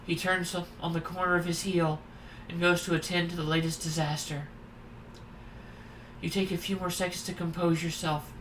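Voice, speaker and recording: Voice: mid-range voice, little pitch movement, moderate pace, fairly bright tone, slight background noise, low-quality recording. A streamer reading the narration of a horror dating game aloud, with irreverent, wry comments between passages.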